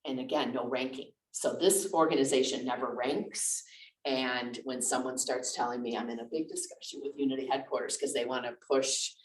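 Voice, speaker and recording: A woman's voice: extremely low pitch, fairly even intonation, moderate pace. A woman minister giving a conversational lecture full of personal stories, candid and chatty with lots of restarts and asides. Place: church lecture room. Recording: echoey room, distant mic.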